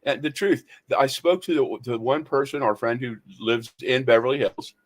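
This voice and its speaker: A man's voice: mid-range voice, moderate pace. A man hosting a talk radio show, telling stories in a rambling, hesitant way. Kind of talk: casual talk radio chat.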